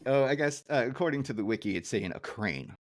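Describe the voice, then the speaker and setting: A man co-hosting a casual podcast, recapping a cartoon episode with lots of fillers and quick jumps into silly character voices. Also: lively intonation, dry recording. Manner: rambling, many fillers, breaks into silly high character voices when quoting. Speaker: podcast co-host.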